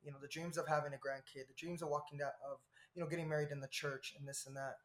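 A man in his thirties from Southern California appears as a podcast guest, telling a personal story in a lively, rambling way. He is animated, laughs often and wanders into asides, speaking quickly in a slightly high voice.

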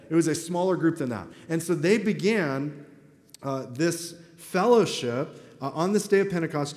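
A man preaching a sermon as pastor in a church, talking in a conversational but emphatic way. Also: fairly high pitch. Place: church sanctuary. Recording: echoey hall reverb.

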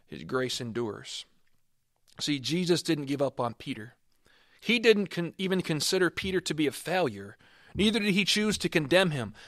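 A man's voice: medium pitch, fairly bright tone, dry recording, clean studio sound. A man preaching a sermon and reading scripture aloud, earnest, with emphatic swells on key words.

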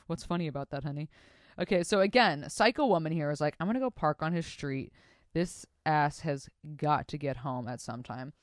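Profane, animated young woman podcaster. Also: low-pitched, clear, resonant tone, dry recording, clean studio sound. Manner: profane, animated, laughs and comments while reading stories aloud. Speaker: podcast host reading listener stories. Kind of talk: casual podcast chat.

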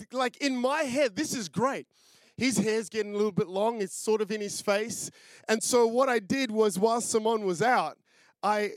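A man's voice: high voice, dry recording. A man in his thirties with an Australian accent, a pastor preaching a sermon in a chatty, storytelling way, full of fillers and restarts. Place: church.

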